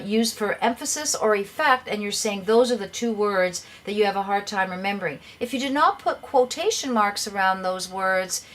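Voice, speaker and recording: Patiently working through an English grammar lesson, a middle-aged woman now and then repeats words while she explains. Her voice is mid-range.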